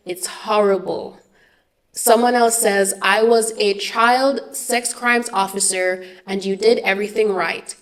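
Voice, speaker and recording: A woman host giving earnest reaction commentary and reading viewer comments in a calm, explanatory way. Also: medium pitch.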